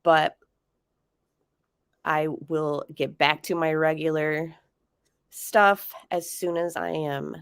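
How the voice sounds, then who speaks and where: A woman's voice: low-pitched, fairly even intonation, slow pace, pauses often, clear, resonant tone, no echo, studio quality. A woman hosting a casual true-crime livestream, chatting and greeting viewers while she has a cold that leaves her voice nasal and congested. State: sick, congested. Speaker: livestream host.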